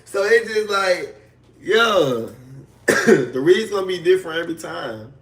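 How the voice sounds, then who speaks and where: A man with a high-pitched voice rants on a casual livestream. He trash-talks a rival in a mocking, sing-song way, stacking insult on insult. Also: lively intonation, unhurried, pauses often.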